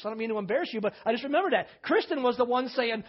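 A man's voice: very high voice, animated, quick pace, hardly any pauses, a little hiss or hum. A middle-aged man, a pastor, preaching a sermon in an emphatic, conversational way with folksy humor. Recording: slightly dull lo-fi sermon recording.

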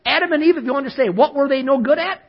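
A man preaching a sermon as pastor, lively, calling on listeners to repeat after him. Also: very high-pitched, fast, highs cut off.

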